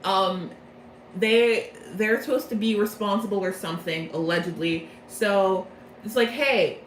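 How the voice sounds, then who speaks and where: A woman's voice: mid-range voice, steady tone, unhurried. A woman giving a rambling, self-mocking comedic recap of a game's plot, recorded in a roomy space. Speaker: video creator. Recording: roomy echo, faint noise.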